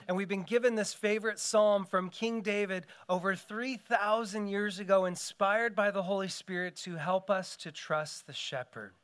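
Smooth-voiced preaching man. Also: sits high, a bit bright. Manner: earnest preaching, voice rising and falling for emphasis. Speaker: pastor. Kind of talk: sermon.

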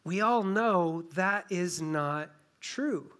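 A pastor preaching a sermon in a conversational, emphatic way, walking through a scripture passage with a story and a local example. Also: male voice, high voice, very slow, fairly bright tone, clear, resonant tone. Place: church in a small town.

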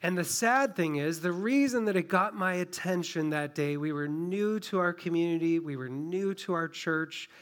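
A man with a fairly high voice preaching in a relaxed, conversational way while pressing hard on key points. He sounds like a pastor talking through a passage with his own congregation in a small-town church. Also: normal speed, few pauses, smooth. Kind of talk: sermon.

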